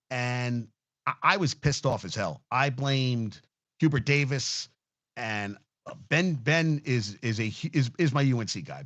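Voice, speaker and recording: With a medium-pitched, slightly bright voice, a man hosts a sports talk show, launching into a heated, casual rant. He swears heavily and rambles, restarting his sentences often.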